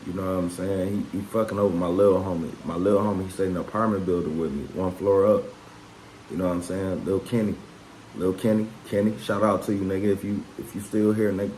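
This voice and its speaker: A man with a fairly low voice spins a loose personal story for his camera, swearing freely and tagging his sentences with filler phrases. He sounds relaxed and conversational, and he gets louder and more fired up as the story heats up. A faint hiss sits behind him. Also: low-quality recording. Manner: rambling and profane, with constant "man" and "you know what I'm saying"; gets louder and more worked up when telling of the fight. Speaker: vlogger.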